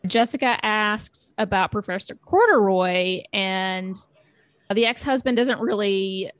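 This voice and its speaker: A woman co-hosting a podcast, summarizing scenes in a measured, agreeable casual chat. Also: medium pitch, expressive, dry recording. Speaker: podcast co-host.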